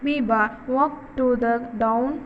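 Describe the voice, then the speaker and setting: A woman reading a children's story aloud, halting and correcting herself as she goes. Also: sits high, fairly even intonation. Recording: dull recording with long reverb and faint noise.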